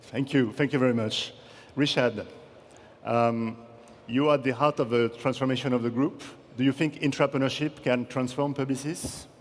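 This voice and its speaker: A man's voice: medium pitch, steady tone, moderate pace. A man hosting an awards ceremony on stage, courteously calling people forward and introducing speakers. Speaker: ceremony host. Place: large conference hall. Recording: hall reverb, audience and ambient noise.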